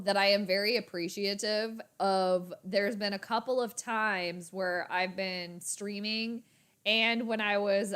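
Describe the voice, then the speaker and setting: A woman hosting a live football reaction stream, chatty and excitable, laughing often. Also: medium pitch, clean tone. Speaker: sports channel host.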